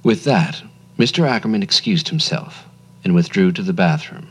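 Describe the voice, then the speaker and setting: Expressive low-voiced male storyteller. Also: moderate pace, husky. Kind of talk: scripted narration.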